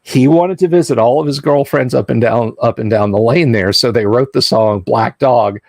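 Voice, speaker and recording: Male host of a casual games livestream; animated raconteur, dry close mic. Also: mid-range voice, normal speed, creaky, no echo. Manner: animated storyteller, acts out quoted voices. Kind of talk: casual chat about tabletop games.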